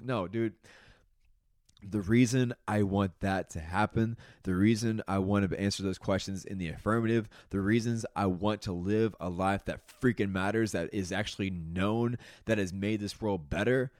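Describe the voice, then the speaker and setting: A man's voice: deep voice, moderate pace, a little mellow, no echo, studio quality. A young man hosts his own podcast, talking straight to listeners in a casual, earnest motivational monologue full of "man," "dude" and "y'all.". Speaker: podcast host.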